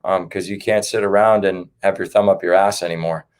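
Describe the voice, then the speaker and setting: A somewhat low-voiced man talking as a livestream guest. He speaks in an earnest, rallying way and keeps calling his listeners "man" and "dude". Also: fairly even intonation, fairly quick, darkish tone, smooth. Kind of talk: casual livestream chat.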